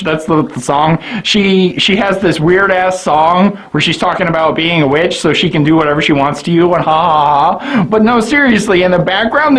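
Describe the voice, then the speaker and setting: A man's voice: high-pitched, a bit bright, poor audio. A drunk man rambling through a comedic anime review, swearing and laughing often.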